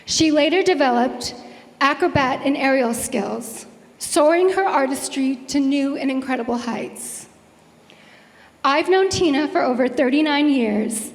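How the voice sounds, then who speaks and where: A woman's voice: high-pitched, measured pace, in a large hall. A woman presenting an award at a ceremony, introducing the honoree with admiring, ceremonial words.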